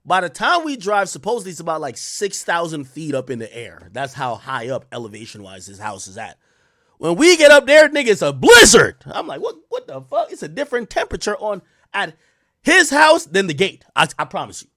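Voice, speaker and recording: Male stream host with a high, bouncing voice, profane and excitable, jumping from shouts to mutters, recorded dry. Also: fairly quick, dry recording. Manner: animated, profane and excitable, swinging between loud outbursts and mutters. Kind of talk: casual storytelling on a live stream.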